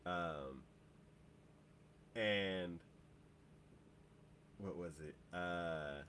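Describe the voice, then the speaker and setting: Rambling man with a bright voice. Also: low-pitched, drawn-out words, slight background noise. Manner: rambling, heavy on "like" and "um". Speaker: podcast co-host. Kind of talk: casual chat, recapping an episode.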